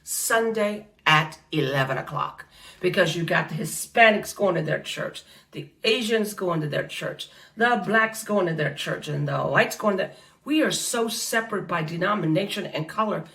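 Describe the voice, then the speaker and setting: A woman's voice: on the low side, lively intonation, moderate pace, creaky, a bit bright, far from the mic. A woman from the United States giving an impassioned faith talk at an awards event, preacherly and repetitive, calling listeners honey and baby.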